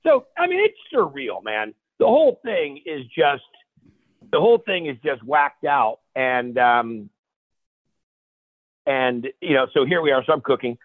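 A male guest chef telling animated stories on a radio show, full of restarts and repeated phrases. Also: medium pitch, a little slow, no room sound. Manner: energetic, repeats and restarts phrases, acts out quotes. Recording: tinny phone line, dry.

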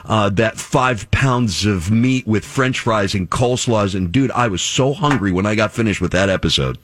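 A man's voice: lowish voice, normal speed, a bit bright, no echo. A man co-hosting a radio show, joking and playful with a guest. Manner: jokey, playful, over-the-top praise. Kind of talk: casual radio talk.

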